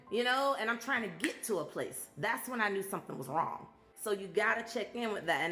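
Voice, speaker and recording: A woman's voice: mid-range voice, fairly bright tone, roomy sound. A woman in her thirties who hosts a live stream, talking casually to her viewers and sharing her testimony in an emotional, motivational way. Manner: emotional, testimony-style, talks to viewers directly. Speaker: live stream host and speaker.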